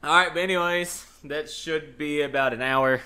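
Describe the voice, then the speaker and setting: A man's voice: on the high side, normal speed, pushed and bright. A young man, a podcast co-host, telling a rambling story in casual chat and swearing freely.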